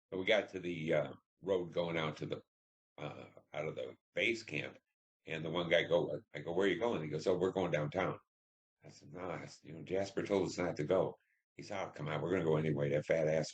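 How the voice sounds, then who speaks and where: In an oral history interview, a Detroit, Michigan man in his seventies shares memories of the war he served in. His voice sits low, and his telling is halting and thoughtful, full of fillers.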